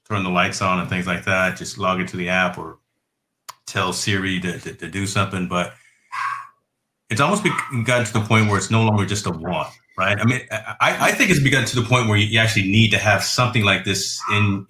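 A podcast host with a low voice talks a little fast, sounding pushed and bright in a roomy space. He chats casually about tech, is talkative, checks in with listeners often, and tags lines with "right?"

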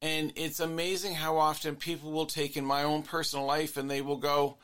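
A man's voice: fairly high pitch, level tone, moderate pace, hardly any pauses, fairly bright tone, clean tone. A man, a couples therapist hosting his own show, musing earnestly in a reflective solo monologue that circles back on its points. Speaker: couples therapist and podcast host.

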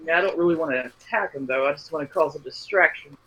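A man's voice: on the high side, quick pace, pushed and bright, rough recording. A man playing a tabletop game, thinking aloud and asking questions. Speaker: player. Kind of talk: casual chat at a game table.

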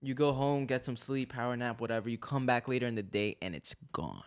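A man's voice: mid-range voice, a little fast, clean tone. A man in casual chat with a friend, laid-back and teasing, speaking in slang. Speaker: friend and fellow graffiti writer.

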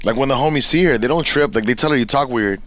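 A man's voice: mid-range voice, fast talker, a bit bright. A man from Los Angeles talking casually as a podcast guest, laid-back and swearing freely, acting out quotes.

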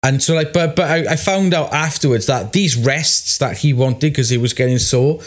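A man, a tattoo artist, tells a story in an animated, sweary way. His voice sits in a middle pitch for a man. He talks casually, as in a podcast chat. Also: moderate pace.

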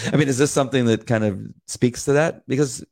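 A middle-aged man co-hosting a faith podcast, asking gentle, hesitant questions with many fillers. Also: mid-range voice, vocal fry. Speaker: podcast co-host. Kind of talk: casual conversation.

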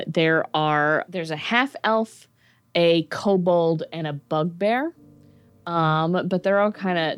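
A woman narrating as game master of a tabletop game, dry and deliberate. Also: on the low side, clear, resonant tone, dry recording.

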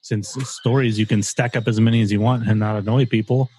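A man's voice: fairly low pitch, little pitch movement, a little fast, darkish tone, slight background noise. A man co-hosting a casual podcast, rambling and joking with the odd swear word. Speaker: podcast co-host. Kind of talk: casual chat.

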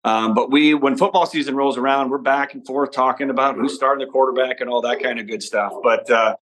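A man from Nebraska, a podcast guest talking in a relaxed, rambling way about his upbringing and family. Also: mid-range voice, fairly quick, low-quality recording. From Nebraska, USA. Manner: easygoing, rambling storyteller. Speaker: podcast guest, father and entrepreneur. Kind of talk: casual interview conversation.

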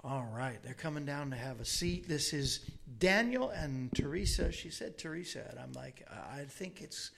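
A man hosting a show, chatting casually with his guests in a folksy, joking way, quick to laugh. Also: a little high, animated, gravelly, a bit bright. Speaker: show host.

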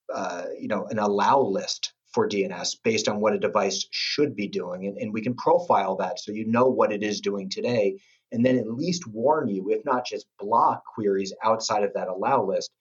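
Middle-aged male guest, husky and low, stop-start and enthusiastic, on a muffled lo-fi line. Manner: enthusiastic, halting, with many restarts. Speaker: guest, company executive. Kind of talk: casual podcast interview.

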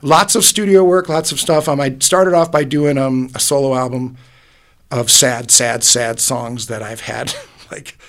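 Gravelly middle-aged musician, rambling. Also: male voice, mid-range voice, fairly even intonation, unhurried, fairly bright tone. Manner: rambling and heartfelt, many restarts. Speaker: musician guest. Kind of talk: casual interview conversation. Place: podcast booth.

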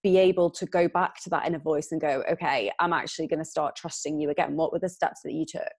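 A woman podcast host asks her guest gentle, encouraging questions in a casual way, with a few ums along the way. Her voice sits a little low, and the recording is dry and close. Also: fairly even intonation, quick pace, breathy edge, no room sound. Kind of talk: casual interview.

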